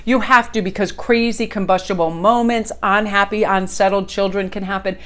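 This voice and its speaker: A woman's voice: mid-range voice, fairly even intonation, moderate pace, a bit bright. A middle-aged woman chatting casually in a bubbly, storytelling way, recorded on a phone in a hotel room. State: coughing, just sneezed. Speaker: tarot vlogger. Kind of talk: casual chat. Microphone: handheld phone camera.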